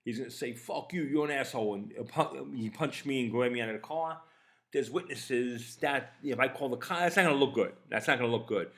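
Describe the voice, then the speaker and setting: A podcast host in his fifties casually recounts a personal story, talking a little fast at a medium pitch. He's animated and swears, acting out both sides of the exchange.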